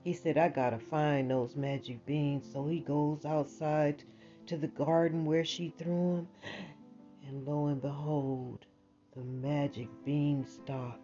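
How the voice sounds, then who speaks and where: Low, unhurried woman telling a bedtime story. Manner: colloquial, animated, emphatic. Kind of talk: casual bedtime story narration. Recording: dull lo-fi sound, faint music.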